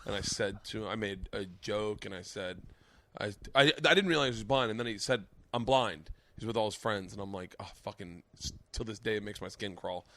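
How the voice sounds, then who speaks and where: A man's voice: lowish voice, a little fast. A man hosting a podcast, telling stand-up stories in casual chat and acting out the people in them. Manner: animated, profane storyteller who acts out the people in his stories. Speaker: podcast host and comedian.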